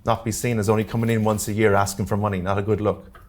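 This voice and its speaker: Fast-talking Irish man, low voice. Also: flat delivery. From Ireland. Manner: fast-talking, jokey, keeps checking in with the audience. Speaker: grants workshop presenter. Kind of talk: live workshop presentation. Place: community centre meeting room.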